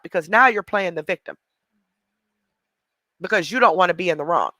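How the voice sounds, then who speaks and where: Woman, blunt mocking commentary, bright tense voice. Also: on the low side, moderate pace, no room sound. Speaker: commentator reacting to a livestream. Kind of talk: casual reaction commentary.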